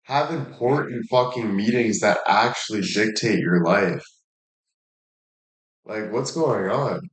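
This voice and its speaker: A man's voice: on the low side, takes it slowly. A man talking in a casual monologue, blunt and emphatic, swearing heavily and repeating himself for emphasis. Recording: echoey room.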